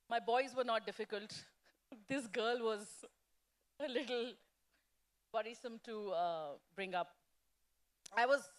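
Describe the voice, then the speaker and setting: A woman speaks from a festival stage, sharing candid anecdotes with a lively, self-mocking edge. Her voice sits fairly high for a woman. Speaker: poet and actress, featured guest. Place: festival stage before an audience.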